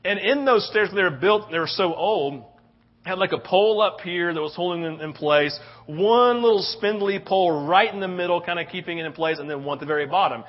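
A man's voice: high voice, a little fast, highs cut off. A man in his thirties preaching a sermon, telling a story animatedly and often asking "right?". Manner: animated storytelling, tag questions. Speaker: pastor.

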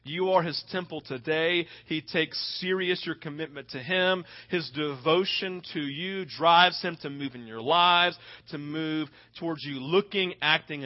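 An impassioned male pastor preaching, telling stories with dramatic flair and checking in with "right?". His voice sits somewhat high for a man. The recording sounds dull and lo-fi. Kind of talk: sermon.

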